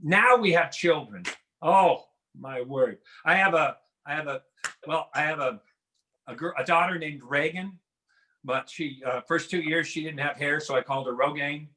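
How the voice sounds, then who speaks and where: High, bright-voiced stand-up comedian man. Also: moderate pace, slight background noise, low-quality recording. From Washington State. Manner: animated, mimics voices and drawls. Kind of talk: stand-up routine.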